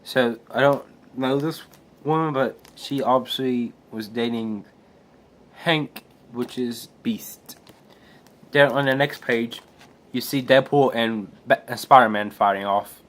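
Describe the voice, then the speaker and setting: A man's voice: medium pitch, a little slow. A man casually retelling a comic book aloud, hesitant with restarts and fillers. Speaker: comic book reader and reviewer.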